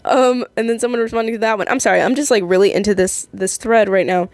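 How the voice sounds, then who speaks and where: A woman's voice: on the high side, normal speed, no echo. A young adult woman casually reading online comments aloud and reacting to them, giggly and chatty, often stumbling and restarting her sentences.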